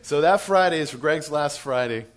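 A man on church staff telling a lively story to church leaders, chuckling as he goes. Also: a little high, moderate pace. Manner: animated storyteller, chuckles through his story.

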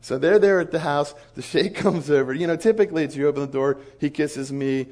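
A man preaching in an animated storytelling sermon, acting out the dialogue of the people in his stories. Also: on the high side, a little fast. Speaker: pastor.

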